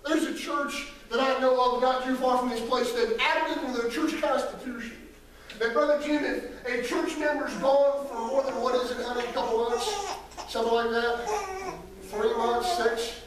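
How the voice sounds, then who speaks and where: High-voiced preacher in an echoey church. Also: male voice, fairly even intonation, normal speed, a little hiss or hum. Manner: folksy storytelling, calls on congregation members by name; rises to shouting peaks, then drops very soft. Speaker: associate pastor. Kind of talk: preaching a sermon. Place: church sanctuary. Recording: echoey church hall, voice from far off.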